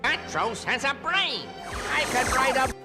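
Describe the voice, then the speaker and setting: A man voicing an evil skeletal cartoon villain with a high, nasal, sneering voice, heard as an old cartoon clip. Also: very animated, unhurried, exaggerated voice. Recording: music behind cartoon clip. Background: cartoon music.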